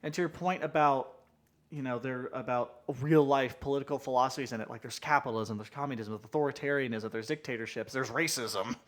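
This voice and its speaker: A man's voice: mid-range voice, a little fast, fairly bright tone. A man hosting a casual podcast chat, leading with questions and often restarting his sentences. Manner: leads with questions, rambling restarts. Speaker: podcast host.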